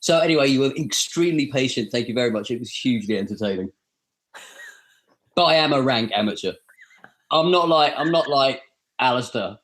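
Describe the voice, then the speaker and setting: A man with a polished British received pronunciation accent talks casually on a podcast. He tells animated, self-deprecating stories. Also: medium pitch, brisk, pauses often. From England. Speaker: podcast guest, voice actor. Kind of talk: casual chat.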